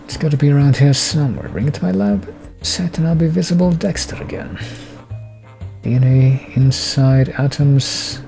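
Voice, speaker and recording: A man's voice: mid-range voice, moderate pace, vocal fry, dark tone, faint music behind, pitched above the performer's own voice, natural voice. A man putting on a boy genius with a mock German accent. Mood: earnest. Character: young boy genius scientist, cartoon.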